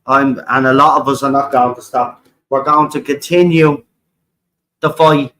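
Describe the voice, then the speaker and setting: Over a low-quality recording, a man from Ireland rants on his livestream in a bright, forceful, mid-range voice. His intonation stays fairly even and his pace measured, yet he is full of fire, swearing a lot, going over the same points and tossing in "right?" again and again.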